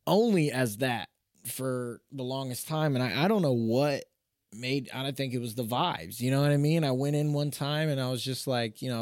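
A man's voice: mid-range voice, no room sound, clean studio sound. A man hosting a podcast in casual chat, talking loosely with lots of swearing and "you know what I mean" fillers. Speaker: podcast host.

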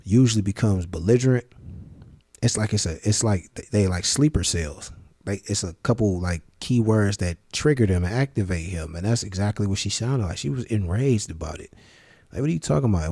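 A man giving a profane, sarcastic ranting commentary, often jumping into high-pitched outraged questions. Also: warm tone, no echo, clean studio sound. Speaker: vlogger.

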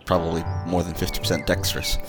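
A man's voice: sits low, completely flat delivery, fast talker. A man playing a tabletop game, swearing and making dry crude jokes. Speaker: player. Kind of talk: tabletop game play, casual chat. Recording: music playing behind voices.

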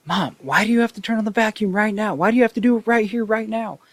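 A man putting on a shrill, whining young gamer yelling at his mother, squeaking far above the speaker's own low voice. He sounds petulant and overgrown, with a gravelly edge under the squeal. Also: fast, no echo.

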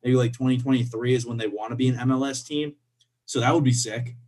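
A man's voice: medium pitch, fairly even intonation, quick pace, a little mellow. A young man from co-hosting a casual sports podcast, playful and laughing often as he trash-talks.

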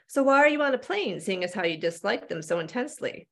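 A woman's voice: mid-range voice, big pitch swings, quick pace, creaky, fairly bright tone. A woman reading aloud and voicing a chatty, motherly older woman who dotes on a stranger in a crooning way. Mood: doting. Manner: crooning, doting, calls everyone love.

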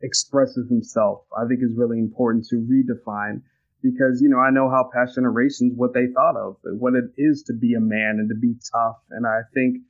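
A young man talks through a personal memory in an earnest, reflective way, often circling back and restarting his sentences. His voice sits at a medium pitch. The recording sounds a little muffled and dull. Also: level tone, fairly quick. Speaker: guest. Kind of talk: casual conversation, storytelling.

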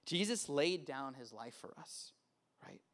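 A man's voice: mid-range voice, big pitch swings, measured pace. A male pastor preaching in a casual way that keeps checking in with "right?", then leading the room in prayer. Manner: grows loud and fervent in prayer. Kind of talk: sermon, then guided prayer.

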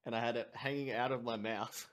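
A man's voice: medium pitch, steady tone, brisk, fairly bright tone. A man on a casual podcast, laughing a lot, swearing and joking sarcastically. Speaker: podcast co-host.

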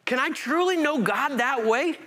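A man preaching a sermon as pastor, animated and self-interrupting, climbing to emphatic peaks. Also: very high voice, moderate pace.

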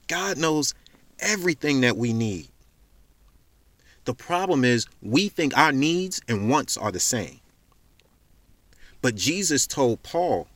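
A man preaches on his devotional podcast, fervent and given to repeating his lines for emphasis. His voice sits at a middle pitch and comes through a close, dry mic. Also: expressive, a little slow, a bit bright, no echo. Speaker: podcast host.

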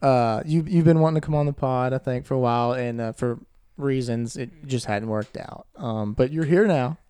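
A man co-hosting a podcast and interviewing a guest, speaking haltingly with fillers and frequent laughs. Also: mid-range voice, warm tone, clear, resonant tone.

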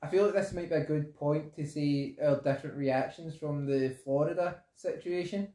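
A man's voice: fairly high pitch, fairly even intonation, normal speed, dark tone, reverberant. A Scottish man co-hosting a podcast in casual chat, telling stories earnestly and often restarting his sentences. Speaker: podcast co-host.

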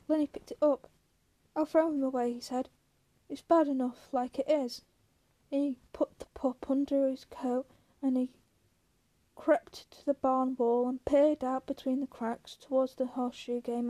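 A woman reading a novel aloud in a steady, unhurried storytelling manner. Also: high voice, no echo. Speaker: reader.

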